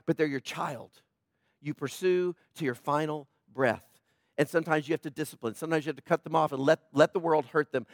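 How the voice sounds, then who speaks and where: Man, pastor, sermon, passionate swings from loud to soft, high voice, dry sound. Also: no room sound. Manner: passionate preaching, swings between loud emphasis and soft intimate asides.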